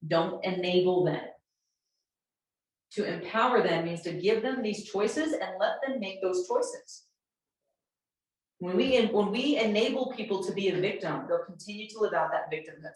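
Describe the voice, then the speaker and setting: A woman's voice: mid-range voice, moderate pace. Woman lecturing in a very echoey room. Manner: acts out sample dialogues with students, direct. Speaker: workshop presenter. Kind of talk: teaching workshop for educators. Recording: very echoey room, voice distant from mic.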